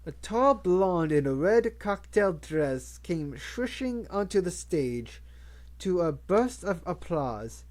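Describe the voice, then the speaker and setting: A reader narrating a novel aloud in a measured way, with occasional stumbles and restarts. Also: medium pitch, big pitch swings, darkish tone. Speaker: audiobook reader. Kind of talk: audiobook narration.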